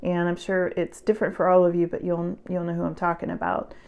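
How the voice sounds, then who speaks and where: A woman's voice: on the low side, fairly quick, gravelly. Chatty woman giving a tarot reading. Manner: chatty, reassuring, laughs often, animated when stirred. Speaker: tarot reader. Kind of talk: casual tarot reading to camera.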